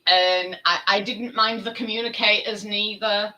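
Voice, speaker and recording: A woman's voice: medium pitch, steady tone, a little slow, bright, forceful tone, rough recording. A woman co-hosting a podcast over a video call, chatting casually and poking fun at herself. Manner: chatty and self-mocking. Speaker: podcast co-host. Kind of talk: casual chat.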